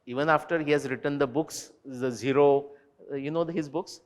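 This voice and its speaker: A man answering student questions at a university talk, animated and digressive, turning to quiz the audience directly. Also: on the high side, a little fast, long reverb tail. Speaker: invited speaker. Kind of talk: lecture Q&A with students. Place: university lecture hall.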